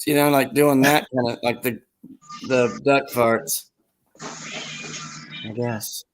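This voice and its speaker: Casting: man, mid-pitched, rambling storyteller, casual podcast chat. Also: fairly even intonation, slow pace, poor audio. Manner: rambling, laughs at own stories.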